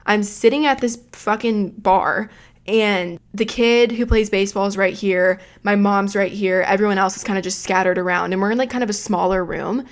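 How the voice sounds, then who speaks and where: A woman's voice: mid-range voice, fairly even intonation, moderate pace. Chatty, swearing young woman telling stories. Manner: chatty and profane, retelling a night out. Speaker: podcast host. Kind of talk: casual storytelling podcast.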